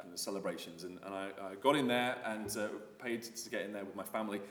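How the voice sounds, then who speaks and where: A man giving a sermon as a visiting preacher, casual and animated, with many fillers and restarts. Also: mid-range voice, echoey room.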